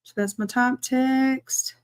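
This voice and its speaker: A woman, a design instructor chatting through a live-streamed software tutorial, talking to viewers as y'all and thinking aloud as she works. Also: high voice, steady tone, slow pace, clear, resonant tone.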